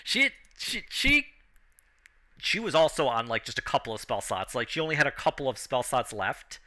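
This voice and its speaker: A man narrating as game master of a tabletop game, acting out the crowd and announcer in an animated way. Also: medium pitch, moderate pace.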